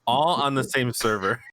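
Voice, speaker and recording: A man hosting a gaming podcast in casual chat, relaxed and swearing freely. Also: medium pitch. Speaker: podcast host.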